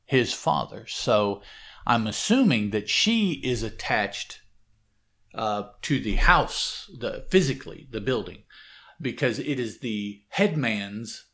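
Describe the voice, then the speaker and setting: A man's voice: mid-range voice, very animated, slow, fairly bright tone. A man reads a comic book aloud and chats about it in a mid-range voice. He talks casually, hesitates a lot and often stops to correct himself. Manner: hesitant, many fillers and self-corrections. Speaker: comic book reader and commentator. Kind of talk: casual read-aloud with commentary.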